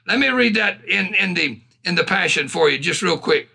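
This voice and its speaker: A man preaching a sermon with fervor, reading scripture slowly, laughing often and calling out hallelujah and praise God. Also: sits high, animated, vocal fry, sharp tone, husky.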